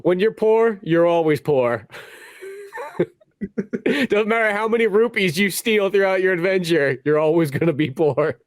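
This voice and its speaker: A man's voice: high voice, measured pace, no echo. Laughing podcast man, dry close sound. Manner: laughs often, acts out characters in mocking voices. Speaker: podcast co-host. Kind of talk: casual crude comedic chat.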